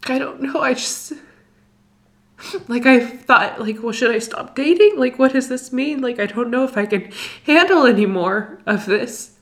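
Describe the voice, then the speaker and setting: A young woman telling an emotional personal story, halting and distressed, full of fillers and restarts. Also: fairly high pitch, animated. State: distressed, near tears.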